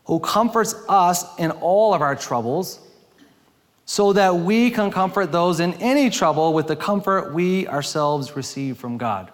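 A man preaches a sermon from the pulpit with a fairly high voice. He rises for emphasis and drops low and quiet for quoted lines. A long reverb trails off each phrase, as in a large hall. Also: expressive, measured pace. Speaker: pastor.

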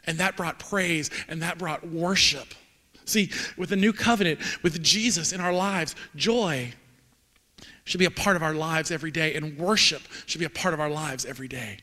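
A man in his forties preaches a sermon in a church sanctuary, his voice sitting high for a man. He speaks earnestly, sometimes halting and repeating words as he goes. A long reverb from the hall trails after each phrase. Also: pushed and bright. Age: 40s. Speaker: pastor.

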